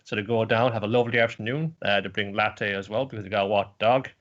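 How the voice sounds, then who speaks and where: A man's voice: fairly low pitch, steady tone, fast, fairly bright tone, highs cut off. Rambling man on an anime podcast. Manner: rambling, lots of fillers and laughs. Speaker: podcast host. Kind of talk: casual chat, retelling episodes.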